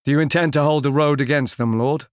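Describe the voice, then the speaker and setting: A man's voice: a little high, fairly even intonation, fast talker, no echo, lightly acted. A man voicing a cautious male knight and armsman who speaks in a neutral, understated tone in an audiobook. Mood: wary. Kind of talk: audiobook character voice.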